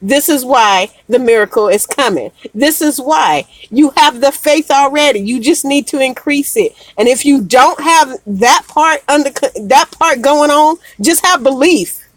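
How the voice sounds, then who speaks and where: A woman with a high, bright-pitched voice speaks straight to a viewer during a live oracle card reading. She repeats herself with emphasis and laughs often. The sound is dry, with no room echo. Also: lively intonation, measured pace. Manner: emphatic and repetitive, with frequent laughs. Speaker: card reader.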